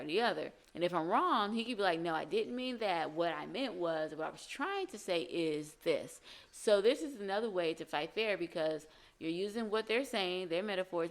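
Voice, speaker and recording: A woman's voice: fairly low pitch, vocal fry. A woman hosting a podcast as a relationship coach, talking conversationally and acting out quoted lines. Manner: conversational, acts out quoted lines in varied voices. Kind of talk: solo podcast advice talk.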